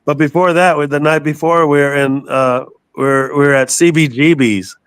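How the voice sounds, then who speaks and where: Older guy telling wild road stories, cussing and laughing, voice sits a bit high, real dry mic. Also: normal speed, clear, resonant tone, no room sound. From southern United States. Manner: animated storyteller, swears freely, laughs often. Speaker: guest musician. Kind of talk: casual storytelling interview.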